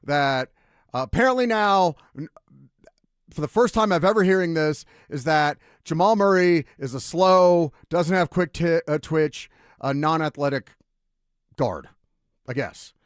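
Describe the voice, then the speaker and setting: A man hosting a sports radio show, arguing his point in an animated, rambling way and often restarting his sentences. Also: on the high side, measured pace, smooth, no echo, studio quality. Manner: animated, rambling, self-interrupting. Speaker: radio sports talk host. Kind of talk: casual sports radio debate. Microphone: studio microphone.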